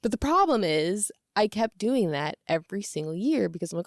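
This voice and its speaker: A woman's voice: medium pitch, very animated, brisk, no room sound. Woman in her thirties, casual confessional vlogger who rambles and laughs a lot, dry close recording. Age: 30s. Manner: rambling, laughing often, with many fillers. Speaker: YouTuber.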